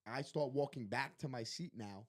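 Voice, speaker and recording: A man with a New York accent, co-hosting a casual sports chat, an animated storyteller who swears casually. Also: medium pitch, normal speed. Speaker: podcast co-host.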